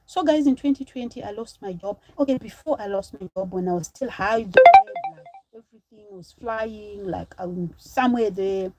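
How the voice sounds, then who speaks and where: A woman's voice: mid-range voice, normal speed, hardly any pauses, warm tone, faint music behind, rough recording. A woman from Zimbabwe in her thirties, chatting on a live stream, telling a personal story to viewers and breaking off to thank supporters.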